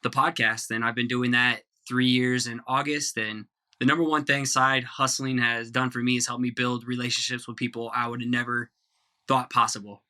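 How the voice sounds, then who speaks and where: Bright-voiced joking American man. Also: medium pitch, little pitch movement, normal speed. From Iowa, United States. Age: 30s. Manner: joking, self-deprecating. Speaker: guest illustrator and lettering artist. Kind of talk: casual podcast chat.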